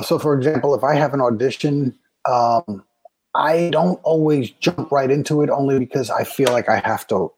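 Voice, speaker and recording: Man, husky, reflective and halting, dry close sound. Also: mid-range voice, a little mellow, dry recording. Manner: thoughtful, halting, many restarts and fillers. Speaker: actor being interviewed. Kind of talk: casual conversation.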